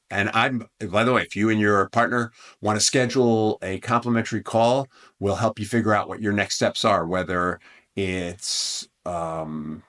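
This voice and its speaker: His pitch is fairly low and slightly bright as he hosts a podcast about relationship advice. The man's delivery is earnest and chatty, full of asides and frequent restarts.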